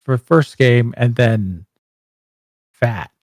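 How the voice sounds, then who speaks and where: A man's voice: mid-range voice, extremely slow, no echo, clean studio sound. A man co-hosting a casual reaction chat, blunt and wry in a laid-back way. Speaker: co-host reacting to a trailer.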